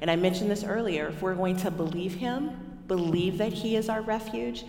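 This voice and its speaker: A woman's voice: mid-range voice, normal speed, a little hiss or hum. Texan woman preaching in an echoey hall. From Texas. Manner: storytelling, swings from loud to hushed. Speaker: women's ministry speaker. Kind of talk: sermon. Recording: echoey hall with long reverb.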